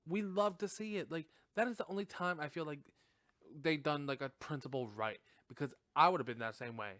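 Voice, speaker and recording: A man hosting a podcast and giving a casual, rambling movie review, animated and full of swearing and fillers. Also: medium pitch, moderate pace, dry recording, clean studio sound. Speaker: podcast host.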